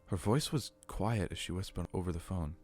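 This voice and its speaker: A man reading a horror story aloud as narrator, steady and earnest. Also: low voice, moderate pace, faint music behind.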